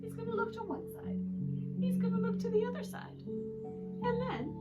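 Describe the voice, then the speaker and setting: A woman's voice: very high voice, expressive, moderate pace. A woman leading a kids yoga class, playful and sing-song as she guides the poses. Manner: playful, sing-song storytelling with animal sounds. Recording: distant mic with loud background music.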